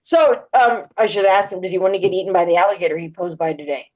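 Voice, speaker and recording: A woman hosting a casual voice chat, telling stories with animated, swearing delivery and acting out quoted lines. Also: on the low side, fast talker, highs cut off. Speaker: host of a live voice chat room.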